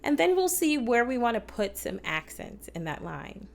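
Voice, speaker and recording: A woman's voice: a little high, sing-song, moderate pace, vocal fry. A woman teaching children about opera on a kids' TV show, patient and encouraging toward viewers at home. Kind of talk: kids' TV music lesson.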